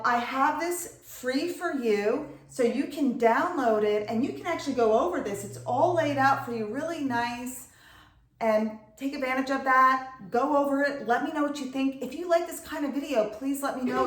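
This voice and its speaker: Middle-aged lady teaching kids to read, slightly high voice, sounds out syllables real clear, echoey room. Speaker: reading tutor. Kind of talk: instructional video talk.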